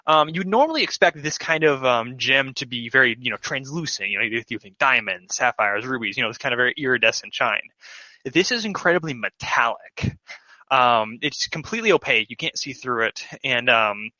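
A man's voice: mid-range voice, expressive, a little fast, bright, forceful tone, no room sound. A man narrating as game master of a tabletop game, rambling with many fillers and restarts. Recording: dull lo-fi audio.

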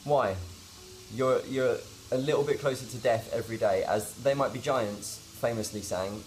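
A man's voice: mid-range voice, normal speed, a little mellow, soft background music. A man talking in a casual daily vlog, rambling and reflective, with many fillers and restarts. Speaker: vlogger.

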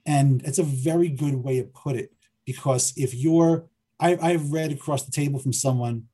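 Hesitant man with dark husky voice. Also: mid-range voice, normal speed. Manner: hesitant, repeats words while thinking aloud. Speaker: filmmaker and writer guest. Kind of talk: conversational interview.

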